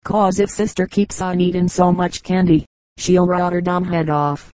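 A woman's voice: lowish voice, level tone, normal speed, a little mellow, no echo, close to an everyday voice. A woman reading as a cheeky little boy. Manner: dialect, dropping g's. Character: small mischievous boy questioning grandma.

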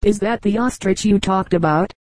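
A woman's voice: mid-range voice, normal speed, a little mellow, no room sound, natural voice. A woman reading the part of a sad, plaintive female eagle in a storybook fable. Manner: plaintive, then eager.

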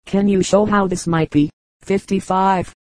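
Mellow woman reading aloud. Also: mid-range voice, steady tone, a little slow, no echo, low-quality recording. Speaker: audiobook reader. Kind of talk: scripted narration.

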